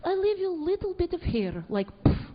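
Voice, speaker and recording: A woman's voice: very high voice, sing-song, brisk, background noise, voice pushed up. A woman voicing a fussy, perfectionist Russian woman who does waxing, with a Russian accent. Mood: blunt. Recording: muffled club recording with crowd.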